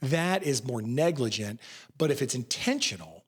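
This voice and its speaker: Rambling, animated man on a podcast. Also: mid-range voice, moderate pace, breathy edge. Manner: rambling, animated storyteller, acts out quotes. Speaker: podcast co-host, lawyer. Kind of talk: casual podcast conversation.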